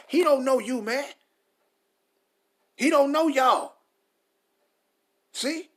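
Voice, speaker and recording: A man's voice: extremely high pitch, very slow, pauses often, a bit bright. A man preaching a confrontational sermon, reading verses aloud then ranting at listeners with heavy profanity and frequent stumbles. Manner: stumbles over words.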